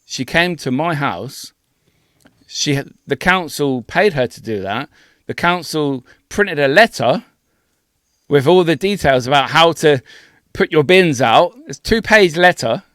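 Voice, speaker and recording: A man's voice: on the high side, lively intonation, a little slow, fairly bright tone, no echo, clean studio sound. A man co-hosting a podcast, ranting indignantly and swearing freely in casual chat. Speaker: podcast co-host.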